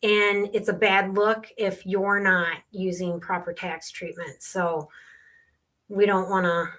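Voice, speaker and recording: A woman's voice: mid-range voice, little pitch movement, slow pace, a bit bright. A middle-aged woman, a sales tax consultant, explaining earnestly with client stories in a podcast conversation.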